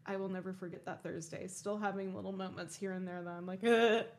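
A young woman co-hosting a podcast, telling animated, swear-filled stories and laughing often. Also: mid-range voice, brisk, a little hiss or hum. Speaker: podcast co-host. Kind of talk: casual chat.

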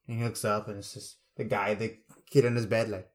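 A man's voice: fairly low pitch, level tone, brisk. A man co-hosting a casual podcast, reacting to a ghost story with cursing and easy laughter. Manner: profane, reactive, laughs easily. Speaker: podcast co-host. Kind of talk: casual chat.

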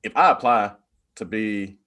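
A man's voice: lowish voice, measured pace, bright, forceful tone. A man in casual podcast discussion, rambling with many "like" fillers and bursts of animation.

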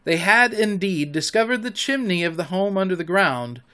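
A man narrating a children's classic in an audiobook, with an expressive storybook reading. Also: high-pitched, moderate pace, smooth.

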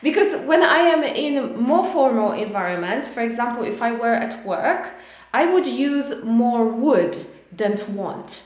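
A woman with a Polish accent runs a live online English lesson, chatting through corrections with plenty of fillers and steady encouragement. Her voice sits a little higher than most. The sound carries a noticeable echo from the room. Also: a little slow. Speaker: English teacher. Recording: echoey room.

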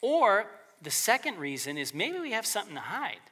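A man's voice: high voice, big pitch swings, moderate pace, sharp tone, breathy edge. A man preaching a sermon as pastor in a conversational way, often acting out the voices of the people he quotes.

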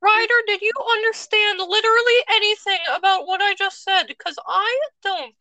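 A man putting on a squeaky, high ranting voice as a podcast co-host, rambling and stumbling over words. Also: fairly even intonation, normal speed, bright, forceful tone, no echo, full character voice. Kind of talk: comedic podcast banter.

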